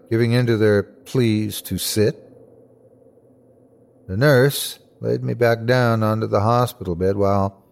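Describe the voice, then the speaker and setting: A man narrating a scary story in a scripted, dramatic way. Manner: dramatic, swings high for cries. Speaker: host and narrator.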